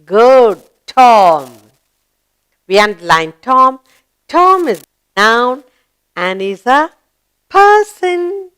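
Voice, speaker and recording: A woman's voice: high voice, big pitch swings, sharp tone, clear, resonant tone. A woman teaching a children's grammar lesson, who asks questions and answers them herself in an encouraging teacher's voice. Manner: slow, encouraging, sing-song teacher voice.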